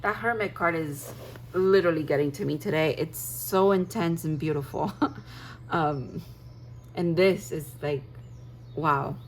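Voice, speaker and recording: Low-voiced woman giving a dreamy tarot reading. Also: measured pace, slight background noise, low-quality recording. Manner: dreamy, gushing, rambling with fillers. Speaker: tarot reader. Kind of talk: casual spoken tarot reading.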